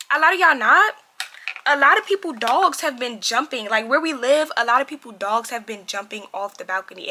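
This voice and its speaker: A young woman talks straight to her viewers in a casual storytime. Her voice is bright and sits a little high, and she acts out every quote with lively energy. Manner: animated, addresses viewers as y'all, acts out quotes. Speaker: vlogger.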